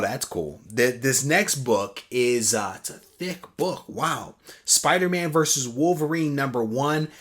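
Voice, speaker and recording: A man hosting his own channel, chatting casually as he unboxes and reads fan mail, relaxed with many pauses. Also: mid-range voice. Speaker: comic collecting channel host.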